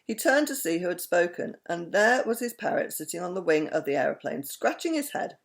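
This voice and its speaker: Low, gravelly woman reading a children's story. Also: brisk. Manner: expressive, animated.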